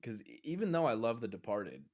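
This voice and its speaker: A man's voice: lowish voice, wildly swooping pitch, fairly quick, a little mellow. A man co-hosting a casual film podcast, rambling through stories with many fillers. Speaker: podcast co-host.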